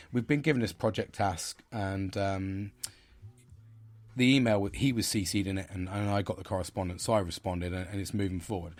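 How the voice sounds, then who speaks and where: Guy ranting on his podcast, lowish voice, lots of ums and restarts. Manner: rambling, frustrated, many restarts and fillers. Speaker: podcast host. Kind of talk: casual monologue.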